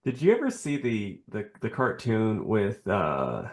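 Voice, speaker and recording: A man co-hosting a podcast in casual chat, animated and acting out quoted characters for laughs. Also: fairly low pitch, unhurried. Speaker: podcast co-host.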